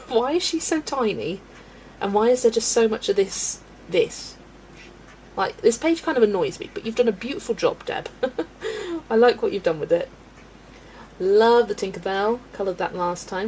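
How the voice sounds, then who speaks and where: A woman's voice: medium pitch, darkish tone, slight background noise, rough recording. A woman chatting casually on a live stream as she colours, thinking aloud, giggling often, and talking into a webcam mic.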